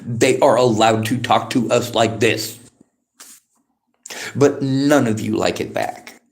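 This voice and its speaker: Bitter, gravelly man ranting at chat. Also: medium pitch, takes it slowly. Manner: bitter, profane, lecturing. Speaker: livestreamer reading chat. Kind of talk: angry livestream rant. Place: library.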